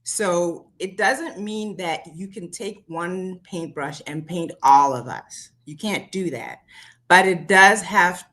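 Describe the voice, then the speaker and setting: Woman, panelist, measured, lots of ums, very low pitch, bright tone. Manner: measured, hesitant, many ums. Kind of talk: casual panel discussion.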